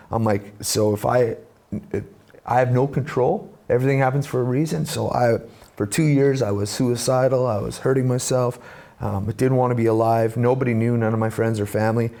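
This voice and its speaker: Gravelly, dark-voiced man telling his story. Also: mid-range voice. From Canada. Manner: animated storyteller, acts out quoted voices. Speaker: guest, musician and speaker. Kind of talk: conversational storytelling.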